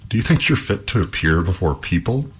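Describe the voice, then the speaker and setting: A man's voice: sits low, very animated, fairly quick, a little hiss or hum. A man voicing a stern ship's master in a storybook tale, scolding doubtfully.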